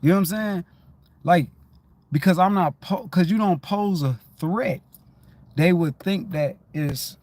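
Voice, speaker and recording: A man's voice: on the high side, darkish tone. A middle-aged man hosting a livestream, talking casually and telling a story, often asking "you know what I'm saying" and acting out his greetings in a raised voice. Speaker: livestream host. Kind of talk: casual spoken monologue.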